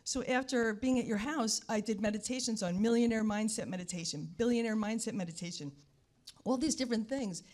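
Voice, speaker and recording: A woman, a guest telling an emotional personal story, animated and repetitive, often speaking straight to the audience. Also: a little high, fairly quick. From New York.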